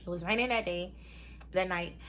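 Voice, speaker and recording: A young woman at normal speed tells viewers her personal story in a casual, animated way, sprinkling in plenty of "y'all" and imitating others' words in a high voice. A little hiss or hum can be heard.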